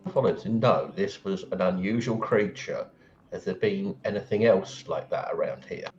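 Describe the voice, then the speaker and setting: Earnest low-voiced male player, lo-fi mic. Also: normal speed, darkish tone. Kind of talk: tabletop game play.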